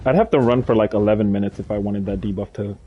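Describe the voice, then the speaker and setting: A man's voice: fairly low pitch, fast talker, breathy edge, dull audio. A man livestreaming a dinosaur game, chatting casually with viewers and teammates as he plays. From not from the countryside. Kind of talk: casual gaming commentary.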